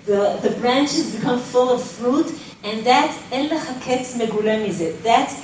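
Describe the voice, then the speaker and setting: A woman's voice: on the high side, expressive, measured pace, darkish tone. Woman teaching in an echoey hall. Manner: conversational, often asks "okay?". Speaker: Torah teacher. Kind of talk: lecture. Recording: echoey hall, distant mic, faint noise.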